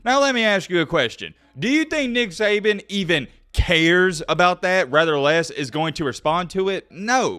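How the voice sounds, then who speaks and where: A young man with a lilt delivers an opinion vlog on sports, talking straight to his viewers in an emphatic, conversational way. His slightly high voice swings up and down constantly as he makes his points. It comes across as a casual, lively rant. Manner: animated, emphatic, conversational, addresses viewers directly. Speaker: sports commentary vlogger. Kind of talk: casual opinion commentary to camera.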